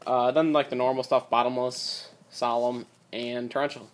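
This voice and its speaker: A man's voice: mid-range voice, level tone, moderate pace. A young man giving a casual card game deck rundown, rambling with lots of fillers, his voice a bit strained from talking a lot, recorded on a tablet. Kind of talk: casual deck profile talk.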